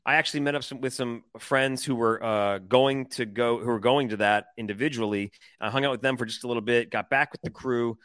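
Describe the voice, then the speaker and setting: A man from Detroit, podcast co-host, telling an excited, rambling story in casual chat with lots of fillers. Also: mid-range voice, dry recording.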